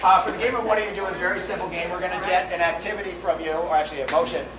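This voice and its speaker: A man hosting and refereeing a live improv comedy show on a theater stage, playful and jokey, now and then shouting to the crowd. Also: high-pitched, fairly even intonation, rapid-fire. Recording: roomy hall, distant mic, loud noise.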